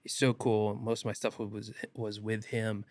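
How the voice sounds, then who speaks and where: A young man, an actor guest on a podcast, telling stories in a casual animated way and acting out quotes. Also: fairly low pitch, unhurried, dry recording. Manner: animated, laughs often, acts out quotes. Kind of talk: casual podcast interview storytelling.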